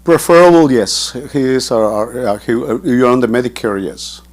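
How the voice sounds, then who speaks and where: A man's voice: medium pitch, lively intonation, normal speed. A man from the facility's staff answers residents' questions at a town hall, stopping and restarting often. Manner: hesitant, many restarts.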